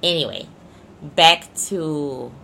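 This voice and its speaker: A woman's voice: sits low, slow pace, gravelly, fairly bright tone, slight background noise. A woman giving a casual spoken card reading, speaking emphatically and often repeating and restating her points. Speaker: psychic reader.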